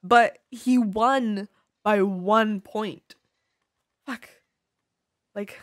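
A game streamer talks very slowly with long pauses in a medium-pitched voice, recorded dry with clean studio sound. She chats casually with viewers while gaming, joking, swearing a lot, and laughing often in a playfully dramatic way.

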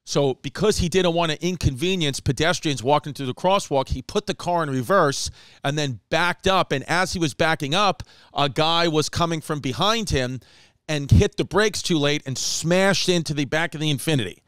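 A man's voice: on the high side, clean tone, no echo, studio quality. A man, a comedian and podcast host telling a rambling story and acting out the people in it. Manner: animated, acts out quotes, rapid run-on storytelling.

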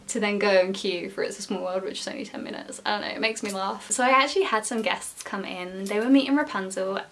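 A young woman chatting casually in a storytelling vlog, with many "like" fillers and lively emphasis. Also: medium pitch. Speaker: former theme park character performer.

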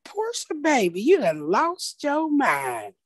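A woman voicing an elderly grandmother in a story, slow and soothing, matter-of-fact and amused. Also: high voice, huge pitch swings, no room sound, studio quality, heavily acted. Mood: unbothered. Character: calm, amused old grandmother, unbothered.

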